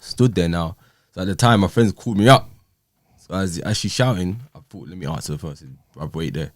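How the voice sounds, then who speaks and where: Deep-voiced man. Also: fairly quick, no echo, clean studio sound. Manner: animated, acts out quoted exchanges. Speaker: podcast guest. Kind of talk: casual storytelling.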